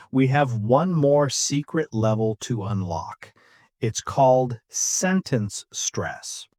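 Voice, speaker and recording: A man co-hosting a podcast for English learners, explaining intonation slowly and clearly and acting out examples. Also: medium pitch, darkish tone, no room sound, clean studio sound. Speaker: English teacher, podcast co-host. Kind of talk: scripted English lesson.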